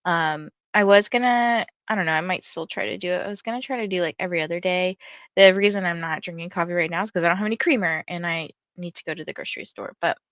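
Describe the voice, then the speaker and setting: A woman's voice: lowish voice, quick pace, fairly bright tone, no room sound. Chatty woman streamer, dry dull sound. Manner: chatty and rambling, heavy use of "like"; reads viewer chat comments aloud. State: tired and yawning. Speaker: readathon livestream host. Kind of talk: casual livestream chat.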